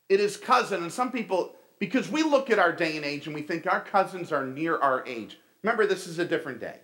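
In a slightly high, fairly bright voice, a middle-aged pastor delivers a sermon that feels like a conversation. He weaves in stories and calls the congregation "folks."

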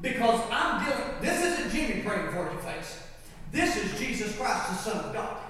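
Male pastor with a high voice, fervent, swings between shouting and hushing; heard far off in a big hall. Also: big pitch swings, moderate pace. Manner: fervent preaching that swings from shouts to hushed lows. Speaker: lead pastor. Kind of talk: preaching a sermon. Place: large church sanctuary.

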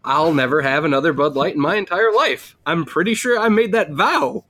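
Fairly high-voiced guy, cohost, teasing and cussing, loose banter. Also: animated, moderate pace, bright, forceful tone. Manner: teasing, swears freely. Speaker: podcast co-host. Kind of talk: casual chat.

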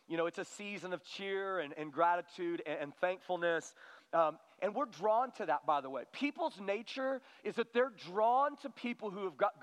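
A middle-aged male pastor preaching a sermon in a conversational way, often calling on the congregation to respond. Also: very high voice. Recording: long hall reverb.

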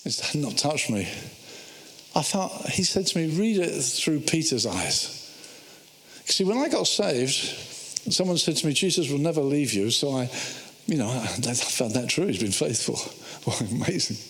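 Animated high-voiced male preacher in a hall. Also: normal speed. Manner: animated storytelling, acting out biblical voices. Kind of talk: sermon. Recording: echoey hall.

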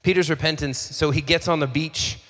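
A man preaching a sermon as a pastor, in a relaxed, conversational way, acting out little bits of dialogue and often repeating phrases. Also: fairly high pitch, normal speed, big-room sound. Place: church hall.

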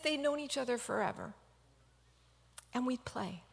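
A woman's voice: on the high side, expressive, unhurried, gravelly, husky, in a large hall. A woman physician telling a personal story in an earnest, reflective talk.

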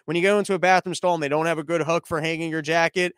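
A man's voice: fairly high pitch, fairly even intonation, rapid-fire, a bit bright, clear, resonant tone, no echo, studio quality. A young man hosting a casual news commentary show, rambling with profane, sarcastic asides.

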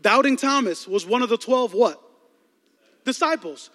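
A man preaching a sermon to a crowd, playful and animated, telling stories and doing voices for the people in them. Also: very high voice, a little slow, long reverb tail. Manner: lively, playful, acts out movie scenes with voices.

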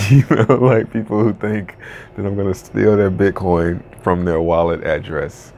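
A man's voice: deep voice, fairly even intonation, moderate pace, dark tone, slight background noise. A man ranting casually in a vlog, rambling and frustrated, with many restarts. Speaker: crypto video creator.

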